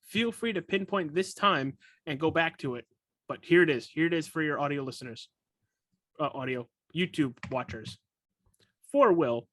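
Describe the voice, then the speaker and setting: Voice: medium pitch, normal speed, a bit bright, no room sound. A young adult podcast host chatting casually about a movie, rambling and correcting themself with a joking manner. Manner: rambling, self-correcting and jokey.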